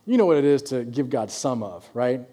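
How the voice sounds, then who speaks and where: Conversational pastor, a man with a mellow voice. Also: mid-range voice, animated, brisk. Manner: conversational, acts out quoted voices. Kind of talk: sermon.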